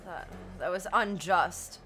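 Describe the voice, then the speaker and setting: A woman's voice: fairly low pitch, slow pace, a bit bright, soft background music. A woman streaming a video game, chatting casually, swearing freely and breaking into laughing shrieks. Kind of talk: casual gameplay chat.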